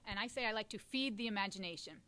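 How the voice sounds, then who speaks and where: A woman puppeteer answering interview questions in a lively, animated way, with some ums. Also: medium pitch, rapid-fire. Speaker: puppeteer guest.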